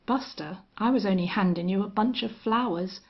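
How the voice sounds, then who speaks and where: A steely old gunfighter, as a woman narrator puts him on, flat and cold, each threat unhurried. Her voice has a husky, gravelly edge, and the recording sounds muffled and lo-fi. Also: medium pitch, close to an everyday voice. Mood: menacing. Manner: strange, monotonous, cold. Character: grim, steely older male gunfighter and hunter.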